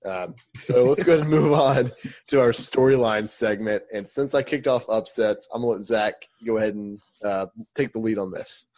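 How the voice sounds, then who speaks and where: A man's voice: fairly low pitch, moderate pace, darkish tone, no room sound. A young man co-hosting a casual sports podcast, reacting with emphatic disbelief and strong opinions. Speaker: podcast co-host.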